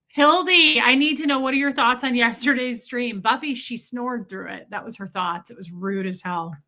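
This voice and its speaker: Female streamer, casual chat host; bright, slightly high voice, lively delivery. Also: moderate pace. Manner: chatty and animated, replies to viewers by name. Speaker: livestream host reading chat.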